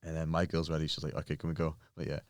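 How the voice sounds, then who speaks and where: Deep-voiced man telling a story. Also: racing, no room sound, studio quality. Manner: animated, swears often, acts out quotes. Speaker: podcast guest, bodybuilder. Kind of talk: casual storytelling.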